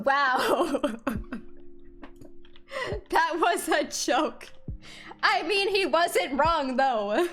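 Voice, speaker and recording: Giggly, chatty young woman streamer. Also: sits high. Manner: chatty and giggly, talking to chat. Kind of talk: casual live-stream chat while gaming. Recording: faint music in background.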